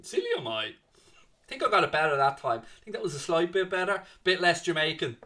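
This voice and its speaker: A fast-talking man runs a live football watchalong, chatting casually with viewers. His voice is a touch high, bright, and forceful, and he animatedly reads out chat comments along the way.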